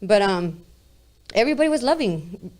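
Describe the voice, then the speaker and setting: A woman's voice: medium pitch, big pitch swings, moderate pace, darkish tone. A woman with a New York accent, a rapper talking casually in an interview, streetwise and blunt, swearing freely and asking "you get me?". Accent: New York-style. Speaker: guest rapper.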